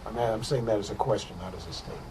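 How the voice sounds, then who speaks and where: A man taking part in a religious study class, working through a point out loud and phrasing it tentatively. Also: on the low side, racing, noisy background. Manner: thinks aloud, tentative questions. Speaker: student in the class. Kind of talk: class discussion.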